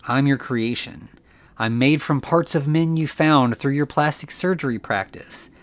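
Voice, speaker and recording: A man's voice: medium pitch, a little slow, voice pushed up, lightly acted. A man voicing a young man built from dead men's parts, speaking matter-of-factly in a movie retelling. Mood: calm. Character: young man built from corpses, calm and flat.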